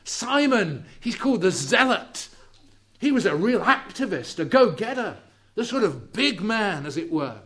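A man preaching a sermon, slow and deliberate, drawing out key words and dropping to a hush for emphasis. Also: high-pitched, very animated, breathy edge. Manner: drops to hushed, quiet emphasis on key words.

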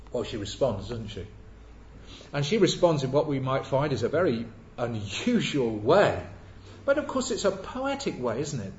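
A man's voice: mid-range voice, sing-song, normal speed, a little mellow. A man preaching a sermon earnestly, asking rhetorical questions and repeating key words for emphasis. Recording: echoey, dull lo-fi church recording.

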